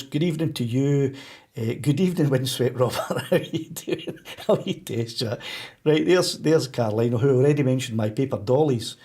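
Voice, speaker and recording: A Scottish man hosting a casual live stream, chatting to viewers in a rambling, friendly way with frequent restarts and soft laughs. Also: mid-range voice. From Scotland. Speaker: YouTube drone channel host.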